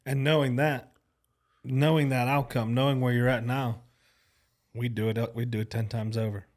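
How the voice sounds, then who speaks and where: A man's voice: mid-range voice, flat delivery, moderate pace, a little mellow. A man hosting a podcast, chiming in with brief, agreeing remarks during a casual interview. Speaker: podcast host.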